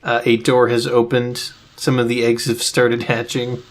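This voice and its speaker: A man's voice: mid-range voice, measured pace, background noise. A man hosting a let's play, casually explaining the game as he plays. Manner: relaxed, explains gameplay as he goes. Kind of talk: casual gaming commentary.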